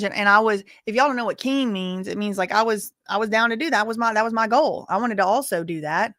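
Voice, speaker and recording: A woman's voice: on the high side, fast, few pauses, fairly bright tone, no echo, studio quality. A woman hosting a live news commentary stream, reading updates and adding casual, rambling asides.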